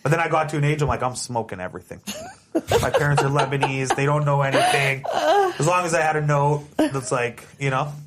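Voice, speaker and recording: A man hosting a podcast, chatting casually and telling a story with animated asides. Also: fairly high pitch, a little fast, background noise. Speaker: podcast host. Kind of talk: casual chat.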